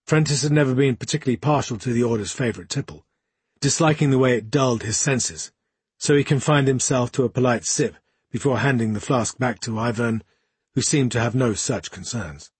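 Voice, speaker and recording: A man reading a fantasy novel as an audiobook in a measured, even storytelling manner. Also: medium pitch, slightly rough, dry recording. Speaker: audiobook narrator. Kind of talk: scripted fantasy narration.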